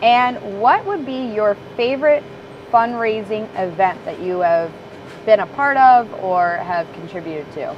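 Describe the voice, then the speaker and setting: A woman's voice: mid-range voice, a little slow. A woman hosting a casual community talk show, chatty and upbeat. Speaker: host. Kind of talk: casual chat. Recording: dull lo-fi audio with clear background noise.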